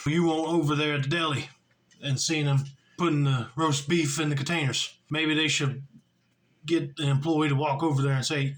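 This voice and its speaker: A man's voice: fairly high pitch, fairly even intonation, normal speed, a bit bright, rough recording. A man reacting to a video clip with mild, disbelieving commentary.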